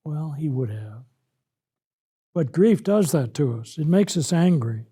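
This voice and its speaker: Man preaching a bible lesson, kinda high voice, soft mellow sound, acts out the verses as he goes. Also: animated, unhurried, slightly rough. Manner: acts out scripture in first person. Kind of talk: sermon-style Bible lesson.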